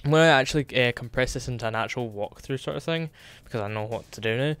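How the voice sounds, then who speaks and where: A man's voice: medium pitch, fast, fairly bright tone, clear, resonant tone. A man hosting a gameplay walkthrough, chatting casually with apologetic asides between reading game lines. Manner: chatty, apologetic asides, reads game dialogue aloud in put-on voices. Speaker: gameplay video host.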